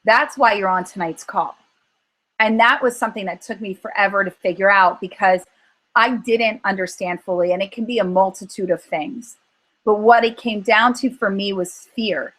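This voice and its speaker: At a normal speed and medium pitch, this weight-loss coach addresses a group call about emotional eating. Her storytelling is earnest and lively, with her inner voice performed aloud as she goes. The audio is low quality.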